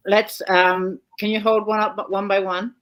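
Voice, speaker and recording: A woman hosting a live video chat with an author, relaxed, reading out viewer questions and affirming often. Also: mid-range voice, a little slow. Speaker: host.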